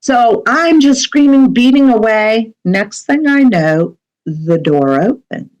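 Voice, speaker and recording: A woman's voice: a little high, lively intonation, slow pace, a little mellow, dull audio. A middle-aged woman, a medium, telling a personal story as a podcast guest in a chatty way, with many fillers and asides.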